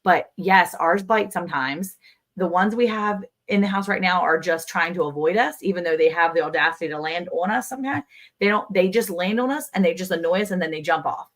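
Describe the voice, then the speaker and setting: A woman co-hosting a livestream, talking casually and telling stories in an animated, chatty way. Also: fairly low pitch, fairly quick. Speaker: livestream co-host. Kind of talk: casual chat.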